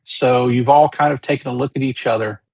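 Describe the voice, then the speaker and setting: A game master narrating a tabletop game, setting scenes slowly and checking in with the players. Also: mid-range voice, steady tone, vocal fry, darkish tone. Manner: slow, measured scene-setting with check-in questions.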